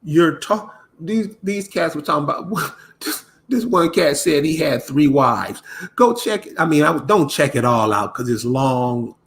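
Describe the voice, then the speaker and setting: A man ranting casually to his viewers, exasperated and preachy, often restarting his words. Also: fairly high pitch. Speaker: commentator. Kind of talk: casual rant to camera.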